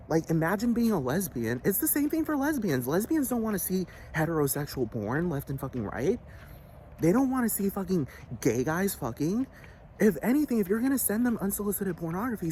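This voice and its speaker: A man with a high-pitched voice delivers an agitated, profane rant as a vlogger, repeating himself and repeatedly asking whether the listener understands. There's slight background noise.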